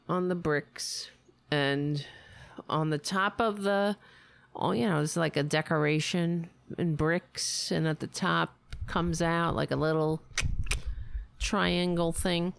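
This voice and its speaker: A woman hosting a casual livestream, telling stories in an animated way and acting out other people's voices. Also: on the low side, creaky, no room sound. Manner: animated storytelling, mimics voices. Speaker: host. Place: New York.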